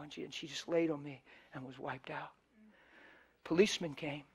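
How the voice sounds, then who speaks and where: A middle-aged man preaching a sermon, telling stories with loud emphasis and soft hushed passages. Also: a little high, normal speed, pauses often, husky. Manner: animated, shifts between loud emphasis and soft hushed storytelling. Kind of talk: sermon with storytelling.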